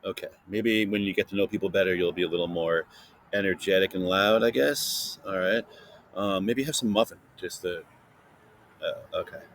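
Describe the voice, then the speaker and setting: A man hosting a casual science podcast for kids, playfully interviewing a silent guest and filling pauses with chatter. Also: low voice, a bit bright, slight background noise. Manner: chatty with many fillers. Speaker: podcast host.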